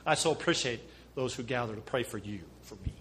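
Man, pastor, middle-aged, bright ringing voice, impassioned sermon, soft asides, loud emphasis. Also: mid-range voice, quick pace, a little hiss or hum.

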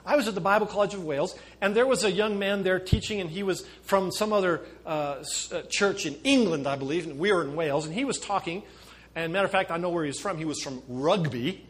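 A middle-aged man preaching a sermon as pastor, impassioned, with sudden shifts between soft asides and loud emphasis. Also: high voice, quick pace.

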